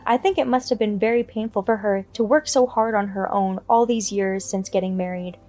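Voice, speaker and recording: A protective middle-aged mother, voiced by a female narrator speaks earnestly and reproachfully on her daughter's behalf. The tone is warm and mellow, close to the narrator's own. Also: medium pitch, brisk, soft background music, lightly acted.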